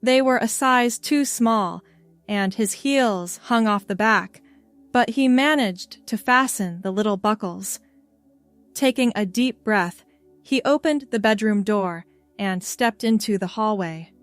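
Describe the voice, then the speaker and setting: A woman reading a scripted story in an even, measured way. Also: medium pitch, no room sound, soft background music. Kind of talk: scripted narration.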